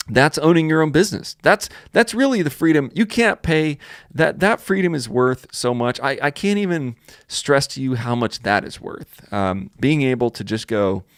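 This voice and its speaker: A man's voice: mid-range voice, no room sound, clean studio sound. A man, a piano tuner, hosting a casual webinar to sell his course, rambling along with lots of fillers and restarts. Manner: rambling, filler-heavy, with many restarts and "you know, like".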